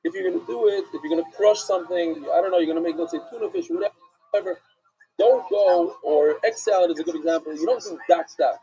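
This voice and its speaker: A man teaching a live-streamed Talmud class, asking and answering his own questions in an animated way. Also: high-pitched, dull audio.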